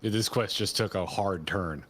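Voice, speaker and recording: A man hosting a game stream, rambling and excitable in casual chat. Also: low-pitched, normal speed. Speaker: streamer host. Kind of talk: casual let's-play chat. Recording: faint game music behind.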